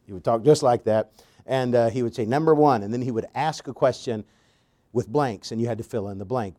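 A pastor preaching a sermon with slow, emphatic stresses and storytelling asides, a man. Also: medium pitch, mellow.

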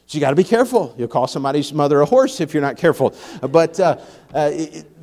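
Slightly high-voiced male preacher. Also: sing-song, fast talker. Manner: storytelling, laughs often, builds to loud emphatic peaks. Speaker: pastor. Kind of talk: sermon.

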